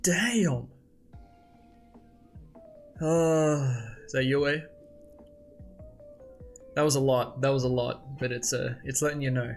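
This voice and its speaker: A man hosting a casual comic read-along, reacting excitedly and thinking aloud as he goes. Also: medium pitch, slow pace, long pauses, soft background music. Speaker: host.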